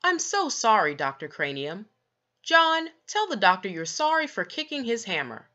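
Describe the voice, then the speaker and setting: A woman's voice: mid-range voice, sing-song, moderate pace, bright, forceful tone, dull audio, voice pushed up. A woman voicing an anxious mother who explains things patiently, in a storybook read-aloud. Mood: flustered. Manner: flustered then patiently explaining.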